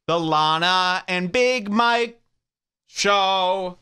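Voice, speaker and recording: This podcast host has a high, smooth voice and talks extremely slowly. He plays clips and riffs on them with crude, mocking, lively banter.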